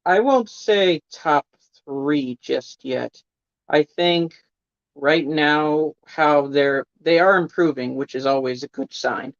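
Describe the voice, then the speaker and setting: Measured panelist on a muffled mic. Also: medium pitch, no echo. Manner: measured, hedging, methodical. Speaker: podcast panelist. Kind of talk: casual sports analysis.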